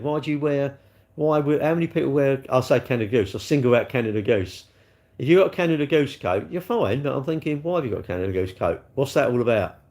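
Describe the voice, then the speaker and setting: A man chatting casually on a live stream, answering his viewers in a rambling, sarcastic way with lots of tag questions. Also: medium pitch.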